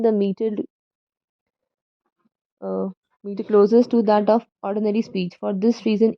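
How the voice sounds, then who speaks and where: A woman's voice: mid-range voice, creaky, no room sound, highs cut off. A woman reading a poetry textbook aloud, carefully and with small slips and self-corrections. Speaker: student reader.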